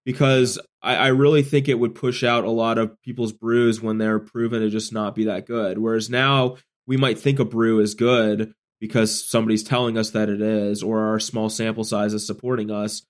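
Fairly low-pitched and flat in intonation, a sick podcast co-host talks at a moderate pace with few pauses, his voice rough. As a tournament player on a casual gaming show, he works through his opinions in long, thoughtful stretches full of restarts.

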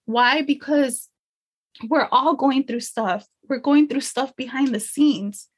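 A woman's voice: high voice, slow pace, slightly rough. A woman empowerment coach in a casual podcast conversation, speaking earnestly and emotionally from her faith.

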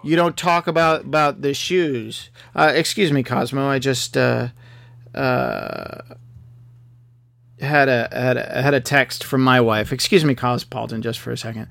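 Dry, halting man with a gravelly voice. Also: medium pitch, fairly even intonation, fairly bright tone, dry recording. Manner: dry, halting, many fillers and restarts. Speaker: vlogger answering a magazine quiz. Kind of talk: comedic rambling monologue.

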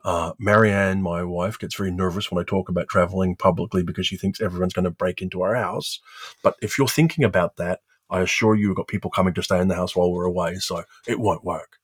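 Man, low husky voice, wry dry humor, casual podcast co-host, dead dry room. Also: fairly even intonation, fast, no room sound. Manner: dry, wry humor with playful announcer bits. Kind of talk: casual chat.

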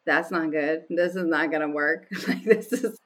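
Woman, guest, candid personal storytelling, animated, laughs often, lowish voice. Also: moderate pace. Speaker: podcast guest.

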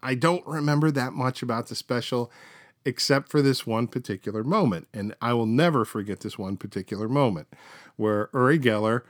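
A man's voice: medium pitch, a little fast, dry recording. Middle-aged guy hosting a podcast, rambly chat w lots of uhs, dry sound. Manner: chatty, many fillers and restarts, laughs while telling. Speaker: podcast host. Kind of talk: casual storytelling.

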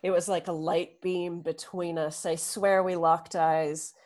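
A woman in her thirties, from the United States, co-hosting a casual chat and telling jokey, animated stories. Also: fairly low pitch, a little slow. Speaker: podcast co-host.

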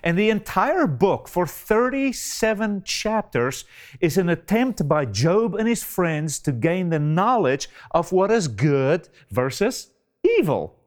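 This sermon comes from a man with a high-pitched, sing-song voice who speaks slowly and dramatically. He poses many rhetorical questions and calls his listeners beloved.

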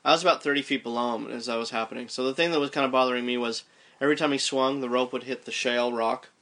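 Guy with a gravelly voice telling an adventure story, casual chat, lots of restarts. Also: mid-range voice, fast. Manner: animated storyteller, thinking aloud with restarts.

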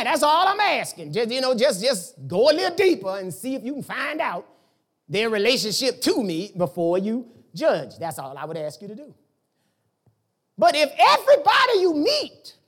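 Lively preaching man, swinging pitch. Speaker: pastor. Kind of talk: sermon.

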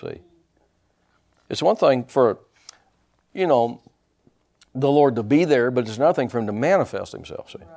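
An older man preaching a sermon, animated and calling out to his congregation. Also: mid-range voice, moderate pace, gravelly, long pauses. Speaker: pastor.

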